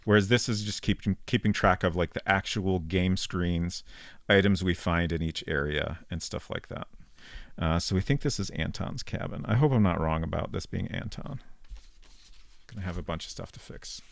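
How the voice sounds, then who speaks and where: A man giving casual live-stream commentary while playing a game, chatting with viewers and thinking out loud. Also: sits low, moderate pace, gravelly, no room sound, studio quality.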